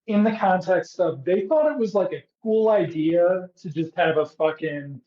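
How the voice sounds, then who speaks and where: A warm, high-pitched male voice, expressive and moderately paced, belongs to a podcast co-host recapping a show. His chat is casual and comedic, laced with sarcasm and profanity, in a dull, echoey lo-fi room.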